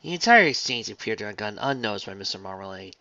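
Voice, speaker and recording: Fanfic story reader, lively ups and downs, bright tone, muffled lo-fi. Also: medium pitch, fast talker. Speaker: fan fiction reader. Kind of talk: story narration. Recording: dull lo-fi recording, dry.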